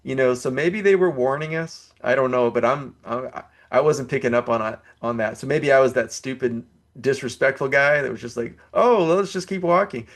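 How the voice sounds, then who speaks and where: A man's voice: mid-range voice, normal speed. A man of around sixty, a podcast guest, casually telling a story with frequent laughs, restarts and 'you know' fillers, acting out quoted lines. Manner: animated, laughs often, acts out quoted lines.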